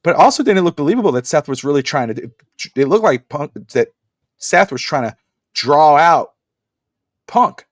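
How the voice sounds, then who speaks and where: A man co-hosting a wrestling podcast, chatting casually and animatedly, acting out wrestlers' lines with sudden shouted bursts. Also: on the high side, very animated, moderate pace, no echo, clean studio sound. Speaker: podcast co-host. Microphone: podcast mic on a live stream.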